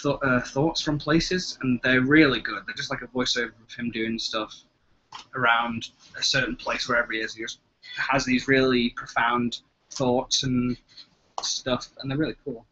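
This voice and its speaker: A man's voice: mid-range voice, flat delivery, normal speed, bright, forceful tone. A young man with an English accent, co-hosting a casual live chat, rambling and hesitant and swearing freely. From England. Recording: dull lo-fi webcam audio.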